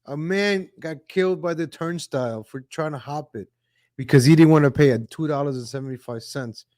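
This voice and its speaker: A man hosting a casual political commentary livestream, talking in a chatty, repetitive way, greeting viewers from the chat and often saying "ladies and gentlemen". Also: fairly high pitch, moderate pace, no room sound, clean studio sound. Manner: reads viewer chat names aloud. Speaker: livestream host.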